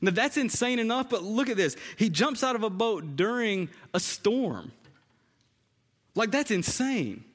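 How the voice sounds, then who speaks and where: A man's voice: high-pitched, sing-song, unhurried, a bit bright. A man preaching a conversational sermon in a church, often repeating phrases for emphasis. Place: church sanctuary. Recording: long hall reverb.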